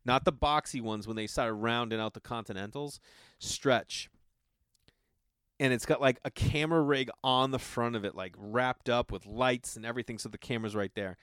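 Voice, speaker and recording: A man's voice: mid-range voice, normal speed, a bit bright, clear, resonant tone, no room sound, clean studio sound. A man, an actor, telling a casual anecdote in a rambling way, with a constant filler 'like'.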